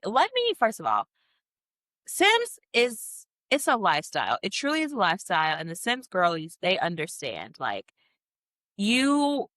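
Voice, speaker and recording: Lively low-pitched woman podcast host. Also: no room sound. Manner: rambling, animated, self-mocking. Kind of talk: casual solo podcast chat. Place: podcast studio, on camera. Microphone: podcast mic.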